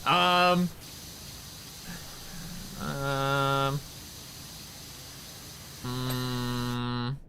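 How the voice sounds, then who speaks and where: A man's voice: mid-range voice, very slow, long pauses, noisy background. A man streaming a game, chatting casually in a rambling, candid way and swearing freely. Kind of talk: casual chat while gaming.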